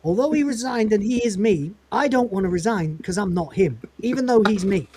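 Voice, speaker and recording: A woman's voice: medium pitch, expressive, brisk, warm tone, natural voice. A woman voicing a flustered, scruffy young male spacefarer who rambles exasperated self-justifications. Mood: flustered insisting.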